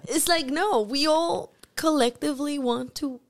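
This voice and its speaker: Animated woman, slightly high voice. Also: unhurried. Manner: candid, animated, restarts sentences often. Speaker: actress guest. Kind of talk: casual podcast interview.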